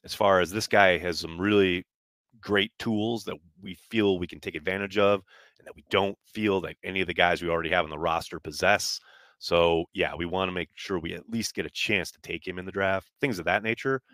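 A man's voice: deep voice, fairly even intonation, brisk, a bit bright, dry recording, studio quality. A man hosting a casual live sports podcast, answering viewer chat in a blunt, loose way and swearing freely. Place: New York.

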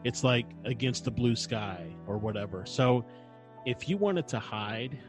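Male co-host of middling pitch, casual, halting and hesitant, faint music under him. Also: expressive. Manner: hesitant, many fillers. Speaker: podcast co-host. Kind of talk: casual chat.

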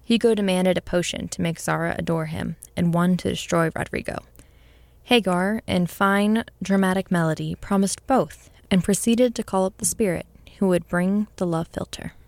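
Low, gravelly woman narrating a story. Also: dry recording. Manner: measured, expressive reading.

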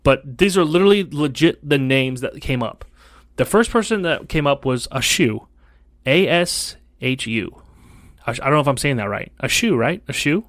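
A man hosting a casual podcast, telling a long story in an animated, rambling way with many self-corrections. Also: medium pitch, moderate pace, no echo, clean studio sound. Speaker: podcast host.

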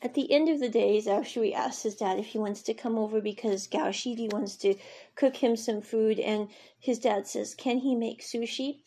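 A woman's voice: fairly high pitch, dark tone. A woman casually recapping a drama episode, retelling scenes in a chatty, rambling way with lots of fillers. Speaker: series recap reviewer.

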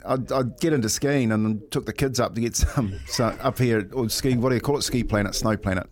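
A man's voice: medium pitch, a little fast, darkish tone. A man with a New Zealand accent on breakfast radio, telling a story with lots of laughter and "mate".

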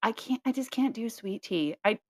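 A woman's voice: a little high, lively intonation, moderate pace, no echo, clean studio sound. Profane, chatty woman podcast co-host. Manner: loose, profane storytelling with sighs and laughs. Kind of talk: casual chat.

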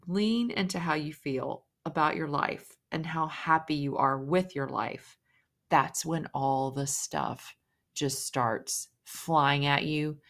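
Woman, low-pitched, solo podcast host; effusive, upbeat, chatty direct address. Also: fairly bright tone. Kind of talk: casual solo podcast monologue.

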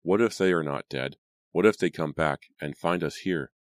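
A man with a very deep voice voicing a timid, worried farm boy in an audiobook. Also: moderate pace, dry recording, clean studio sound, lightly acted. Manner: worried, hesitant. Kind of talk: audiobook character voice.

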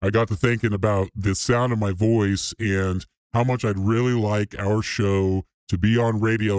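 A man putting on a deep pitch-shifted radio voice. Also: darkish tone, no echo. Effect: pitch-lowering sound shifter. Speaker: podcast co-host. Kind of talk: podcast banter.

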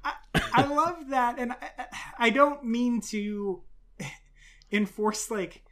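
A woman's voice: fairly high pitch, slow pace, heavy background noise. Chatty woman hosting a podcast. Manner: chatty, playful, explaining at length. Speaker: podcast host. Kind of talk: casual podcast chat.

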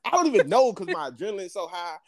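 Animated man telling a story. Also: high voice, fast. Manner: animated, profane, laughs often. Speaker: podcast co-host. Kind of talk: casual storytelling chat.

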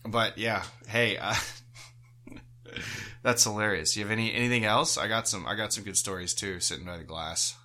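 A man co-hosting a casual sports podcast, laid-back and quick to laugh, with blunt swearing. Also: fairly low pitch, sharp tone. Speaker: podcast co-host. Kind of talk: casual chat.

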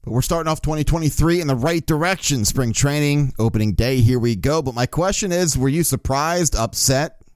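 A man's voice: a little high, fairly quick, dry recording, studio quality. A man hosting a casual sports podcast, opinionated and profane, who gets worked up as he talks. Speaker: podcast host.

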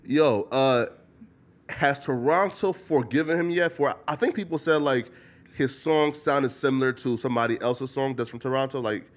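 A man's voice: mid-range voice, moderate pace. A man hosting a casual interview, rambling with lots of filler words. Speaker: podcast host.

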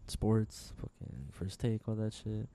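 A man co-hosting a podcast, telling a rambling story full of swearing and slang, laughing often, relaxed and high. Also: takes it slowly, slight background noise. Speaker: podcast co-host. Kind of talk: casual chat.

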